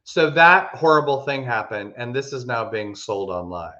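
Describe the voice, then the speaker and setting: Guy co-hosting a chatty podcast, forceful bright voice, lots of restarts, dull lo-fi sound. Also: medium pitch, normal speed. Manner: animated, emphatic storyteller with frequent restarts. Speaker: podcast co-host. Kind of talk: casual chat. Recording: echoey room, dull lo-fi sound.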